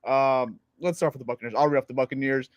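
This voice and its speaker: An excitable American man co-hosting a football podcast, laughing often and reading off team lists. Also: mid-range voice, fast, no room sound, muffled recording. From United States. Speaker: podcast co-host. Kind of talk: sports podcast chat.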